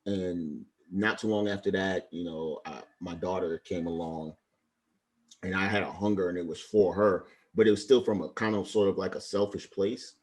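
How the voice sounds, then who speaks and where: Guy in his 40s from brooklyn, retired navy chief, low voice, telling stories all fired up. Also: steady tone, moderate pace. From Brooklyn, New York. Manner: passionate, earnest storyteller. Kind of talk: casual interview storytelling.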